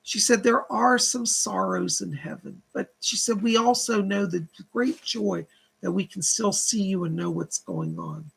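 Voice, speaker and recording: Gravelly, husky male psychic livestreamer. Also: sits high, very animated, unhurried, fairly bright tone. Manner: relays spirit messages in long chains of "she said". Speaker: psychic medium host. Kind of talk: live-streamed psychic reading.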